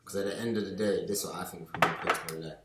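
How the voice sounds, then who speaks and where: A young man talks in a low, deep voice, loose and full of slang. He gets lively when he acts out his friends. The room around him is echoey. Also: very fast, very noisy. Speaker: podcast co-host. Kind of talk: casual chat.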